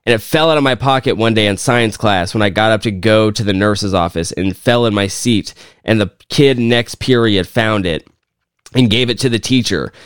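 A man's voice: lowish voice, normal speed, clear, resonant tone, no echo, clean studio sound. A young man co-hosting a podcast, telling rambling stories in casual chat and swearing often. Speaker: podcast co-host.

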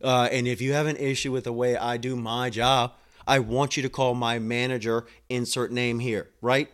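A man working in home health care telling a work story in a blunt, animated way and acting out the dialogue. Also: medium pitch, normal speed. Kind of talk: casual storytelling monologue.

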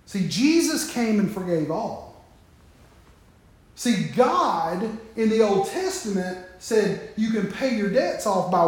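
A man's voice: sits high, a little mellow, heavy reverb. A man preaching a sermon, talking straight to the congregation with joking asides.

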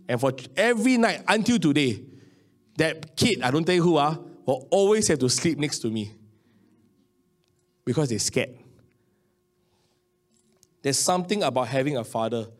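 A man in his late thirties with a Singaporean English accent, preaching a sermon and telling personal stories, swinging between hushed low lines and raised excited ones. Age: 30s. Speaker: pastor.

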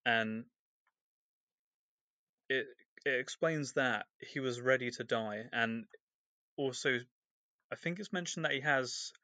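A man's voice: medium pitch, takes it slowly, long pauses, pushed and bright, dry recording. A man co-hosting a podcast, recapping a novel's chapters in a loose, rambling way full of fillers. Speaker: podcast co-host. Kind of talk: casual book discussion.

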